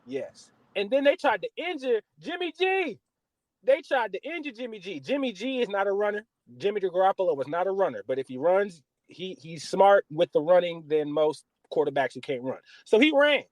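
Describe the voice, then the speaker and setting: Here a high-sitting male voice speaks at normal speed on a dry recording. The speaker, a podcast host from the US West Coast, is on an animated football rant full of swearing during casual sports chat.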